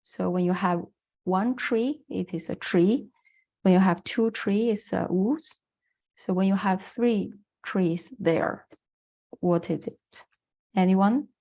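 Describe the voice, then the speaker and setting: A woman's voice: mid-range voice, slow, vocal fry, mellow. A woman with a Chinese accent, a non-native English speaker, giving an online lecture on the Chinese language in a patient, explanatory way with frequent fillers.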